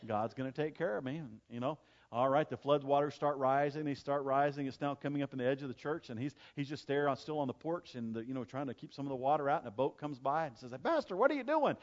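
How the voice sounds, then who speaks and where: A man preaching a sermon, telling stories with emphatic repetition and dropping from loud preaching to quiet asides. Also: medium pitch, fairly even intonation, quick pace, dull audio. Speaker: pastor.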